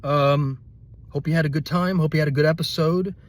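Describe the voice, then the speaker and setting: A man's voice: fairly high pitch, steady tone, brisk. A male comedian rambling through a casual, self-deprecating podcast monologue from inside a car. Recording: slightly muffled car recording with road hum.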